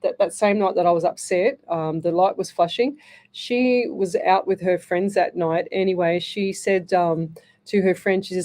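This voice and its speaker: A woman's voice: fairly low pitch, moderate pace, mellow. A middle-aged woman with an Australian accent, hosting a live radio show as a psychic medium and talking in a rambling way with many restarts.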